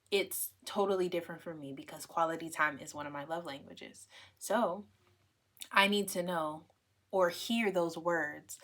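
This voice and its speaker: A woman's voice: lowish voice, steady tone, measured pace, fairly bright tone. A young adult woman hosting a podcast, talking in a casual, emphatic way and often checking in with "right?" and "okay?". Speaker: podcast host. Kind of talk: casual solo podcast talk.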